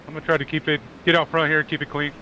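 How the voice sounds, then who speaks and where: A man's voice: on the high side, level tone, very fast, bright, forceful tone, slight background noise, low-quality recording. A man interviewed mid-race as a driver, polite and hesitant, with many fillers.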